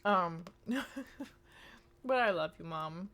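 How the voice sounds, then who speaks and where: A woman's voice: lowish voice, lively intonation, drawn-out words, a bit bright. A woman in her thirties chatting casually to her live-stream audience, rambling with plenty of fillers. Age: 30s.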